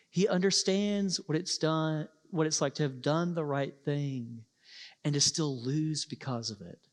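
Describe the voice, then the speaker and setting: A man delivers a sermon with earnest conviction, his slightly high voice slowing for weight and swelling at its peaks. The sound carries the long reverb of a church hall. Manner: earnest, pauses for emphasis, rises to passionate peaks. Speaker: pastor.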